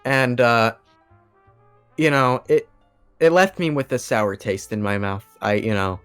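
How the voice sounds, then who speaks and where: A man's voice: mid-range voice, unhurried, fairly bright tone, smooth, faint music behind. A young man telling a long story on a podcast in casual chat, rambling with lots of fillers and laughing as he goes. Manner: rambling, laughing, acts out quoted voices. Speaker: podcast guest.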